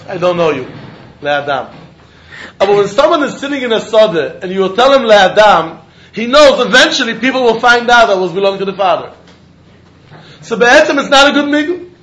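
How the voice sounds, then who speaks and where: Man, very high pitch, animated sing-song Talmud lecture, faint room noise. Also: low-quality recording. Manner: animated, sing-song reasoning with quick laughs. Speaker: Talmud teacher.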